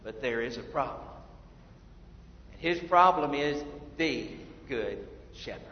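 A man preaching a sermon as pastor, swinging between hushed and loud passages. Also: a little high, measured pace. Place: church sanctuary. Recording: echoey hall from far off, dull lo-fi.

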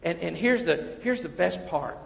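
A male pastor preaching a sermon, emphatic, then dropping to quiet asides. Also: on the high side, animated, moderate pace, vocal fry. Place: church sanctuary. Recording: muffled, echoey church hall.

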